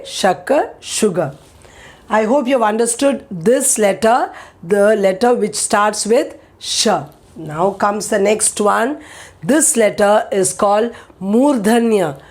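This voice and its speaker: A woman's voice: mid-range voice, darkish tone. A woman, patiently teaching pronunciation and repeating each word for learners. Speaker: language teacher. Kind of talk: pronunciation lesson.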